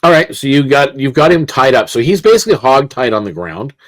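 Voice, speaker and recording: A man narrating as game master of a tabletop game, talking haltingly with many fillers and restarts. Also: medium pitch, sing-song, dry recording, low-quality recording.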